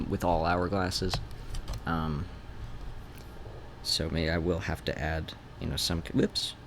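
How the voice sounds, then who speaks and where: In a low-pitched voice, a man rambles through a drawing stream, thinking aloud as he sketches and often trailing off before starting again. He has a faint North Idaho accent that sounds somewhat Canadian, recorded on a desk mic with slight background noise.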